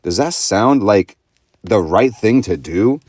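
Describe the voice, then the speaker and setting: Deep low voice, dry close sound, young man, swears nonstop, slangy and intense. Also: lively intonation, slow, darkish tone, no room sound. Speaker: astrology vlogger. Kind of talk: profane motivational monologue.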